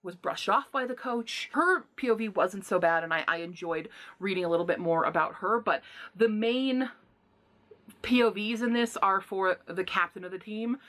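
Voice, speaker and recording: A woman giving a casual book review, retelling plots in an animated, indignant rant with sighs and exasperated asides. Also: medium pitch, normal speed.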